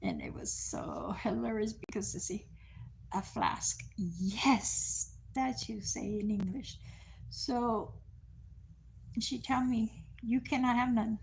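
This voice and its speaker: An older woman tells family stories at an unhurried pace, her slightly high voice carrying a gravelly edge. She laughs often and slips into her relatives' voices as she goes. A faint hiss sits under the recording. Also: very animated. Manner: firm commands to a dog. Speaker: livestream host. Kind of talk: casual storytelling on a livestream.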